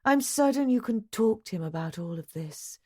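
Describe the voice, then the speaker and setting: A woman reading an audiobook, voicing a refined lady who speaks gently and soothingly. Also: a little high, animated, moderate pace, husky, dry recording, studio quality, voice pushed up. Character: calm, soothing society lady.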